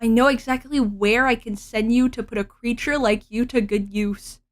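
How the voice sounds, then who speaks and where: A woman's voice: a little high, steady tone, moderate pace, lightly acted. A woman reading a cold, cruel noble father. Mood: scornful. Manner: contemptuous, threatening.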